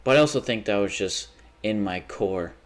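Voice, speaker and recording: Young male streamer, lowish voice, casual, rambling, foul-mouthed, quick temper. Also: animated. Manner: rambling, profane, quick to get heated. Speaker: livestreamer. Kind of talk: casual livestream chat while gaming.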